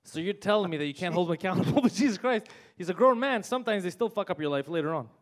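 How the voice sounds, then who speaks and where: A man's voice: high voice, animated, rapid-fire. A man co-hosting a comedy podcast, teasing guests with laughing banter. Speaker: podcast co-host. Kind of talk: casual comedic podcast chat.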